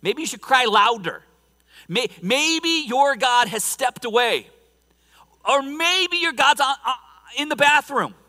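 A man's voice: extremely high pitch, lively intonation, takes it slowly, bright, forceful tone, big-room sound, voice pushed up, heavily acted. A man voicing a mocking male prophet who teases his rivals sarcastically, in a sermon. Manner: teasing, sarcastic.

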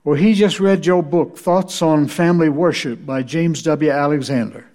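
Polite Texas church secretary as a man puts her on, earnest, a bit high. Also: normal speed, darkish tone, close to an everyday voice.

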